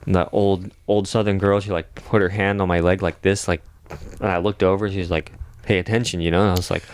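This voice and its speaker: A young man with a very low, deep voice tells a long story on a podcast. He rambles, stacks up fillers and swears freely. The sound is close and dry, with no room echo. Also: level tone, brisk. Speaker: podcast co-host. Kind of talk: casual storytelling.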